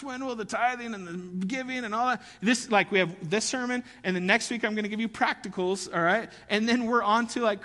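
A man's voice: high voice, sharp tone, long reverb tail. A man preaching a sermon as pastor, conversational and often asking the audience questions.

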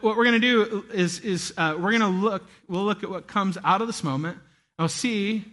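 A man in his thirties preaching a sermon, telling a lively story with acted-out shouts and laughter. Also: high voice. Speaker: pastor.

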